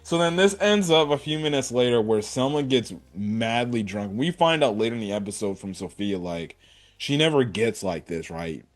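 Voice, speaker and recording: A man's voice: mid-range voice, animated, normal speed. A man giving a casual, rambling anime episode review, full of fillers and slang.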